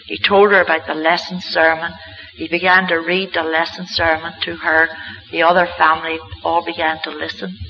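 A man's voice: a little high, level tone, normal speed, dull audio, a little hiss or hum. A man giving a church lecture, telling healing stories with an earnest, emphatic storytelling manner. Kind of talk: storytelling sermon talk.

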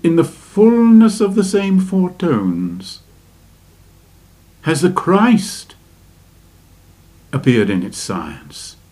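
Slow, deliberate man giving spiritual lecture. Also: fairly high pitch, very animated, mellow. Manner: deliberate, with rhetorical questions to listeners. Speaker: religious teacher.

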